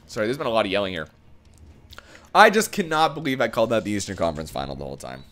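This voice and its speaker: A man hosting a video game let's-play, doing excitable mock play-by-play and shouting at big moments. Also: lowish voice, fast. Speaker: gaming channel host.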